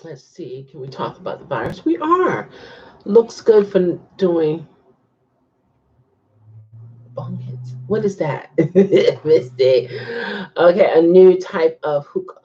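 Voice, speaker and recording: A woman's voice: fairly low pitch, very animated, takes it slowly, pauses often, a little mellow, breathy edge, dull audio. A woman hosting a casual livestream, chatting and reacting to viewer comments with frequent laughs. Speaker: livestream host.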